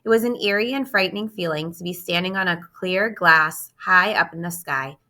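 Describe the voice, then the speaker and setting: A woman's voice: lowish voice, moderate pace, sharp tone. Woman reading a storybook aloud. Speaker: audiobook reader. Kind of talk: storybook narration.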